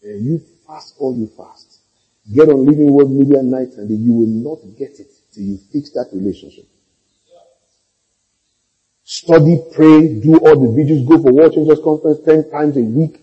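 A man's voice: medium pitch, moderate pace, husky, lo-fi sound. A male pastor preaching a sermon, telling stories and calling for amens. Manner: storytelling, animated, calls for amens.

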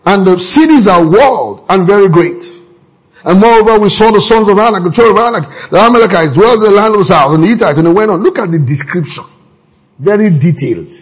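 A man preaching a sermon, with sudden jumps in pitch and words repeated for emphasis. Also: expressive, fast talker, slightly rough, rough recording.

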